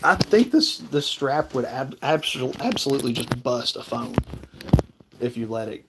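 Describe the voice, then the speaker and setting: A man hosting a casual livestream, talking to a friend and cooing at his pet in a high sing-song voice. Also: expressive, normal speed, gravelly, heavy background noise. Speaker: livestream host.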